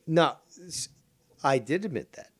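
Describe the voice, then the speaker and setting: A male stream host ranting at someone in an angry, mocking tone, full of curses. His voice sits fairly high for a man. The recording is dry and close, with no room echo. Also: lively intonation, a little slow. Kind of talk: ranting livestream commentary.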